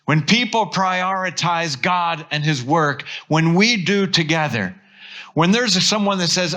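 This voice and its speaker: Man, pastor, American accent, sermon, storytelling, bright forceful voice. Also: on the high side, unhurried. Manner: animated storytelling, acts out quotes.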